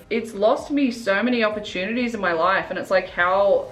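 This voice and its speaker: A woman's voice: mid-range voice, moderate pace. A young woman beauty vlogger chatting casually and earnestly while doing her makeup, rambling with lots of fillers and restarts. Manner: earnest and self-reflective.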